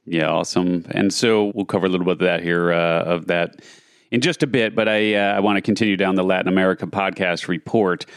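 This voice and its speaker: A man's voice: low-pitched, fairly even intonation, fairly quick, clean tone, no room sound, clean studio sound. A man co-hosting a podcast industry news show, chatting energetically and often restarting his sentences.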